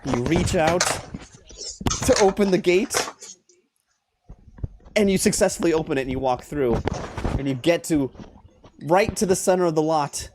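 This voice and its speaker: Slightly high-voiced male game master. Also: noisy background. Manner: laughs between lines, builds suspense in slow narration. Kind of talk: narrating a tabletop game live.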